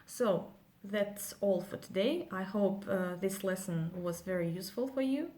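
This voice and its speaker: A woman teaching an English grammar lesson, whose first language is Russian, explaining with frequent pauses and ums. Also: medium pitch, dark tone. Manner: slow, hesitant, many ums while explaining.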